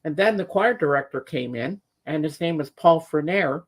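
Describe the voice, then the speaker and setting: A man with a fairly high speaking voice spins a meandering anecdote in relaxed podcast conversation. He stumbles over repeated words and restarts, then slips into little voices for the people he quotes. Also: normal speed. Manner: rambling, acts out voices in quotes. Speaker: show regular. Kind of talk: casual storytelling chat.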